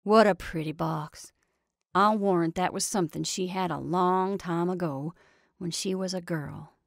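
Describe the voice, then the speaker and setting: A woman's voice: on the low side, fairly even intonation, measured pace, gravelly, no room sound, studio quality. Brief: woman reader plays a middle-aged farm wife, earnest and direct, storybook reading. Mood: brisk.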